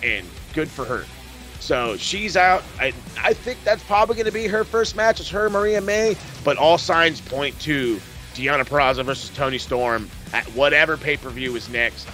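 A man's voice: fairly high pitch, expressive, normal speed, sharp tone, faint music behind. A man hosting a podcast, recapping wrestling in casual, profane, rambling chat. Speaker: podcast host.

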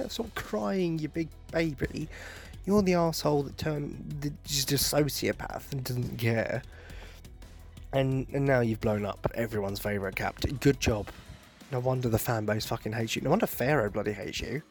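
Excitable, sweary young man. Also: mid-range voice, normal speed, faint music behind. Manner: excitable, sweary, self-mocking, rambling. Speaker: podcast host. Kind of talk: casual rambling monologue.

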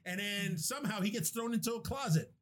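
A young man in casual podcast chat, swearing freely as he excitedly retells a movie plot. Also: high-pitched, a little fast. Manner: animated, profane movie retelling.

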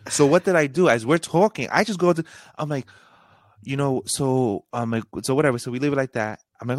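A man's voice: medium pitch, fast, a little mellow, no room sound. A young man, a podcast co-host, casually telling a long slangy story and acting out both sides of a conversation.

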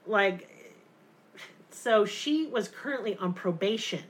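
A woman, co-hosting a casual true crime podcast, telling the story with sarcastic, animated asides. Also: medium pitch, slow pace.

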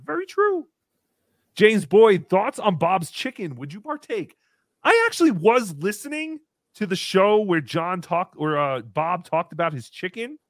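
A man in his thirties hosting a livestream, reading donations and joking around in a casual, animated way. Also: sits high, a little slow, dry recording, clean studio sound. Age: 30s. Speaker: livestream host.

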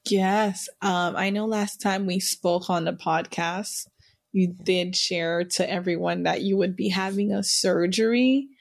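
Woman, podcast co-host, playful, laughs easily, casual chat, mid pitch. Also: fairly even intonation, measured pace, gravelly.

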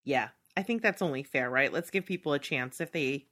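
A woman's voice: rumbling low, fairly quick, fairly bright tone. A young woman co-hosting a podcast, chatting casually and laughing often. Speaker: podcast co-host. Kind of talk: casual chat.

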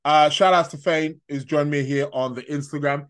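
A man hosting a casual live stream, his voice sitting a little high for a man. He rambles, trips over his words and laughs at his own asides, in a loose, chatty way. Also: steady tone, moderate pace, a bit bright. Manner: rambling, stammers and restarts, laughs at own jokes. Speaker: astrology live-stream host.

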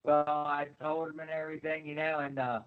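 A middle-aged man tells stories in a relaxed interview, with a voice pitched a little high. He is animated and slips into other people's voices as he goes. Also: brisk, clean tone, narrow, tinny audio. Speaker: guest, former wrestler. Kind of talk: casual storytelling interview.

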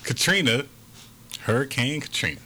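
A young man casually telling a story to friends, profane and animated, acting out what people said. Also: mid-range voice, normal speed, crowd noise. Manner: profane, animated, acts out quotes.

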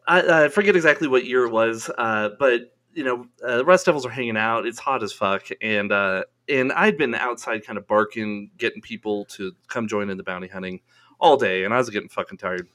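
Male podcast guest, casual storyteller, profane and quick to laugh. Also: mid-range voice. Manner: laughing, swearing, animated storyteller.

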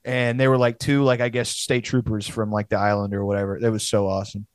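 A man's voice: on the low side, flat delivery, fast talker, dry recording. A young man telling a rambling, profane story in casual podcast chat, laughing as he goes.

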